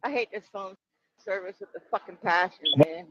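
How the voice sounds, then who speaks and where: A woman's voice: medium pitch, moderate pace, fairly bright tone, breathy edge. A woman calling in by phone to a casual chat, blunt and swearing, laughing easily. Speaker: caller. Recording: dull phone line.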